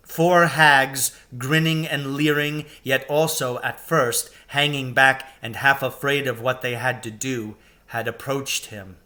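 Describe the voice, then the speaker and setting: Man reading a chapter book aloud, unhurried, bright, clear tone. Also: medium pitch. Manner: slow, deliberate storytelling. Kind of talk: reading a children's novel aloud.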